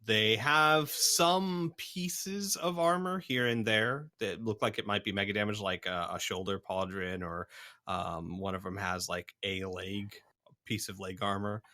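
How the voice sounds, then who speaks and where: A man narrating a tabletop game as game master, halting and full of fillers. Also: fairly low pitch, bright, forceful tone.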